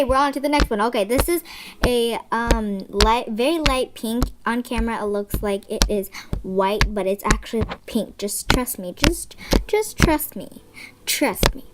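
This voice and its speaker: Chatty slime-vlog host: high-voiced woman, excitable and rambling, noisy recording. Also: normal speed. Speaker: slime collection vlogger. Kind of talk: casual chatty show-and-tell.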